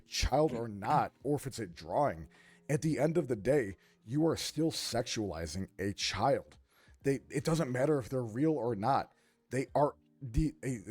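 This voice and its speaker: Male co-host, righteous lecturing rant, animated intonation. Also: mid-range voice, breathy edge. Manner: indignant, emphatic, lecturing. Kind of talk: heated reaction commentary.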